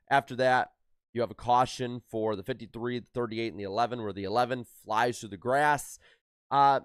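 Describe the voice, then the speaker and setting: A man of middle pitch recapping a race in a relaxed, chatty way, his voice a little worn and scattered with "uh"s. The sound is smooth and resonant, recorded close and dry with no room around it. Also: no echo. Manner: rapid rundown of results with filler "uh"s. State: slightly worn voice after a concert. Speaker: racing podcast host.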